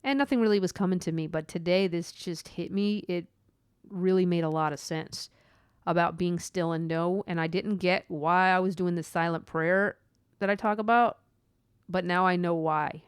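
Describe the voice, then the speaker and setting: A woman talking through her own faith podcast, earnest and meandering, full of "like" and side thoughts. Her voice is smooth and clear, recorded close and dry with no room sound. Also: on the low side, fairly even intonation, normal speed, dry recording. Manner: earnest, rambling, with many asides and "like". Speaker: podcast host. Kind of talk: personal faith podcast monologue.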